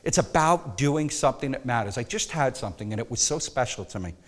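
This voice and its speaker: A man teaching a photography workshop, emphatic and animated, sometimes dropping to a soft coaxing tone. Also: medium pitch, quick pace, big-room sound. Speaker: photography instructor.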